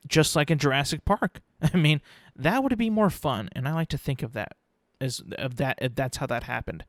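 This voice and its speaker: A man hosting his own podcast, rambling in a casual, self-mocking way and slipping into quick mock voices. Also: on the high side, animated, dry recording, clean studio sound. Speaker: podcast host. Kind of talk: casual solo podcast rant.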